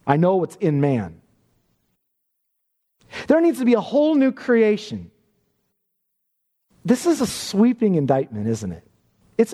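A man's voice: fairly high pitch, mellow. A man preaching a sermon with emphatic, repeated phrasing. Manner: emphatic, repeats words when stressing points. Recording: long hall reverb.

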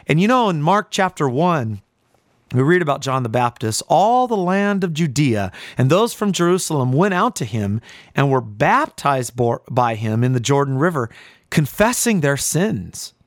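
A man's voice: on the high side, very animated, normal speed, no room sound, clean studio sound. A man preaching a sermon in a fiery, emphatic way, with sudden rises in force.

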